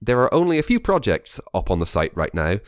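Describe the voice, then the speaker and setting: A man's voice: lowish voice, wildly swooping pitch, fairly quick, no echo. A man co-hosting a board game news podcast, presenting stories in a dry, matter-of-fact way. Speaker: podcast co-host. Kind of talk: casual news podcast chat.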